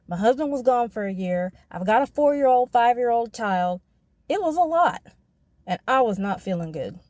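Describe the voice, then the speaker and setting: A woman hosting a podcast, reading a scripted personal narration in a reflective, measured way. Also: mid-range voice, darkish tone, no echo. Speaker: podcast host.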